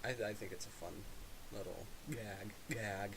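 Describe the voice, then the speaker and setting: Young man chatting casually, lowish voice. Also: fairly even intonation, unhurried, fairly bright tone, poor audio. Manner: joking, laughs often, reads news headlines aloud. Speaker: podcast host. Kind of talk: casual chat. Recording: faint hiss.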